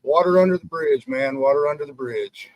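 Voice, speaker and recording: A man's voice: on the high side, a little fast, no echo, lo-fi sound. A man dropping into a live stream as a guest, easygoing, with short replies.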